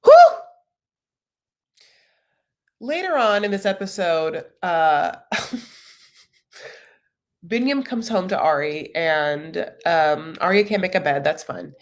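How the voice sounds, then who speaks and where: A woman with a fairly low voice hosts a casual live reaction chat. She talks in a chatty, sassy way, tossing out jokes and little asides as she goes. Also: lively intonation, slow pace, long pauses. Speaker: recap show host.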